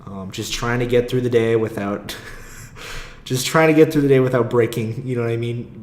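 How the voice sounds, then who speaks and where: A man's voice: medium pitch, steady tone, moderate pace, darkish tone, roomy sound. A young man hosting a casual solo podcast, rambling, swearing freely and laughing often. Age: young adult. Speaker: podcast host. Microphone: own podcast mic.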